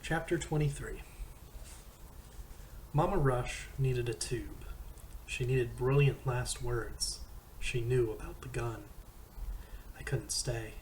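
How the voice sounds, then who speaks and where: Slow, measured male reader. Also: medium pitch, a little mellow, slight background noise, poor audio. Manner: slow, measured first-person reading. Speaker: audiobook reader. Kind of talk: reading a novel aloud.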